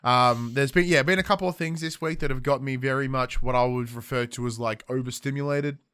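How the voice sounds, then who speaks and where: Here an Australian man in his thirties hosts a podcast, talking a little fast in a smooth, mid-range voice. He chats casually, telling stories with animated, acted-out quotes. The studio sound is clean, with no echo.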